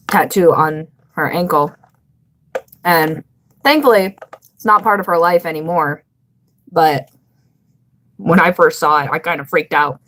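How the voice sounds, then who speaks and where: A woman's voice: lowish voice, a bit bright. A young woman hosting a casual live stream, chatting bluntly with viewers, swearing freely and laughing often.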